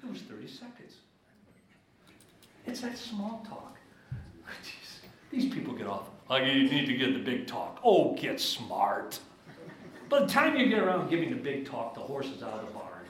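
A man giving a church seminar talk, telling stories with animated, emphatic swings into high excited tones. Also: unhurried, long pauses. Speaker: guest speaker at church seminars. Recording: very echoey hall with faint room noise.

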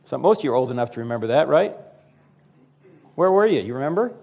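Through lo-fi sound comes a fast-talking man in his fifties with a creaky, mid-range voice, giving a humorous talk to a live audience. He turns directly to the crowd and brings his stories alive by acting out the voices of the people in them.

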